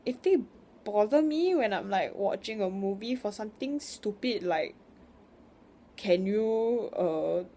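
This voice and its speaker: A woman's voice: on the low side, dark tone, slight background noise. Rambling young woman venting frankly. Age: young adult. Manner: rambling, frank, swears, emotional. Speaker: vlogger. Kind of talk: casual venting monologue.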